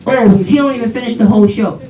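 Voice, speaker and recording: A daughter giving an animated eulogy at a funeral, telling laughing stories full of quoted dialogue. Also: female voice, a little high, very fast. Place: funeral home chapel. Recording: echoey hall, voice from far off, faint noise.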